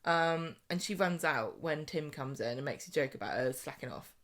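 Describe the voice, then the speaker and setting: Woman podcast co-host, lively pitch, chatty soap recap, laughs a lot. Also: normal speed. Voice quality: laughs often, animated storytelling. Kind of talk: casual soap recap chat.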